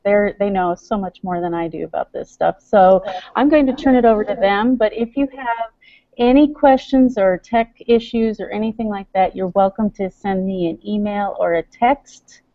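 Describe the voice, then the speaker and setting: A woman's voice: mid-range voice, moderate pace, no room sound. A woman organizer opens an online teacher session over a video call. She speaks hesitantly and rambles a bit, making light of herself. The sound is muffled and dry. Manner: rambling, self-deprecating, hesitant. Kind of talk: casual online meeting talk.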